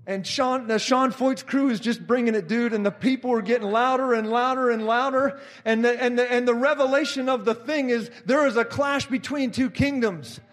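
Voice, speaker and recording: A middle-aged man preaching a fervent sermon, repeating phrases and rising to shouts. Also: extremely high pitch, fairly even intonation, normal speed, hardly any pauses.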